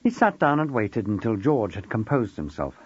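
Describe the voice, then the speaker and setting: A man reading a novel aloud as an expressive, wry audiobook narrator. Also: lowish voice, moderate pace, husky, dry recording, highs cut off.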